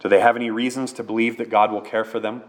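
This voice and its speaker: A man's voice: on the low side, little pitch movement, fast talker. Male pastor, sermon delivery, earnest and conversational.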